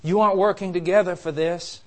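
A man preaching a sermon with passion, building to loud urgent peaks and dropping to quiet, intense warnings. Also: high-pitched, steady tone, fairly quick.

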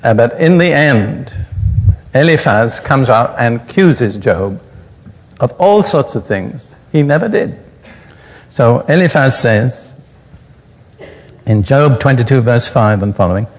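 Guy preaching, reads the verses then breaks them down simple, gravelly, lots of hall echo. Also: mid-range voice, lively intonation, measured pace. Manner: reads scripture aloud then explains it plainly. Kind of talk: recorded sermon teaching. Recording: archival sermon recording in a reverberant hall.

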